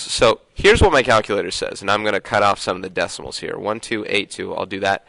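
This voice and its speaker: A man's voice: fairly low pitch, brisk, vocal fry, few pauses, fairly bright tone, dry recording, rough recording. A man teaching a casual video math lesson, thinking aloud and sometimes trailing off into mutters.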